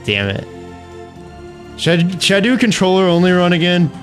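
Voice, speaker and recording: A man's voice: high-pitched, steady tone, fast talker. A young man streaming a game live, chatting with viewers, laughing, venting frustration and swearing. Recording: faint music behind.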